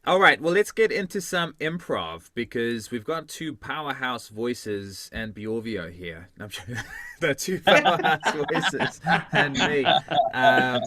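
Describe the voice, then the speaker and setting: A man's voice: mid-range voice, lively intonation, unhurried, pushed and bright, dry recording. A man hosting a podcast, asking questions in an upbeat, encouraging way. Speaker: podcast host. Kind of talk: casual interview chat.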